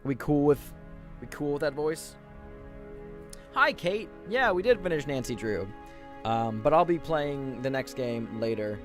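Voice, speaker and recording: A man's voice: on the high side, lively intonation, a little slow, soft background music. A man streaming a role-playing game, chatting casually and self-deprecatingly with his viewers.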